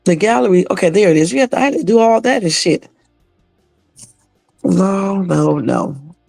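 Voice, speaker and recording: A man hosts a casual livestream reaction at his desktop computer. His voice sits a little high with a gravelly rasp, and he talks loosely and swears freely. The sound is dry and close. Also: expressive, normal speed, a little mellow, no room sound, soft background music. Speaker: livestream host.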